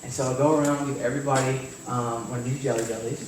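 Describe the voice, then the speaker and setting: A young man giving a sermon at a church, telling a story in an animated, joking way. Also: mid-range voice, quick pace. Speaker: youth speaker. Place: church sanctuary. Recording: very echoey hall, far from mic, faint noise.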